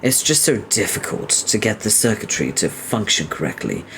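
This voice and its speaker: A man's voice: lowish voice, big pitch swings, moderate pace, background noise. Man reading as a prim, wordy troll inventor. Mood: stiffly polite. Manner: formal, verbose, stiffly polite. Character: prim, long-winded young male troll inventor.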